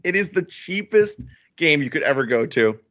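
A man's voice: a little high, lively intonation, moderate pace, a bit bright. A man co-hosting a casual sports podcast, telling rambling stories and swearing freely. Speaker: podcast co-host. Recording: dull lo-fi sound.

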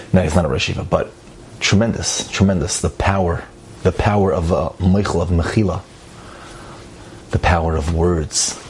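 A man telling a story in a casual, animated way, repeating phrases and sprinkling in Hebrew and Yiddish words. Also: low voice, moderate pace, pauses often, slight background noise.

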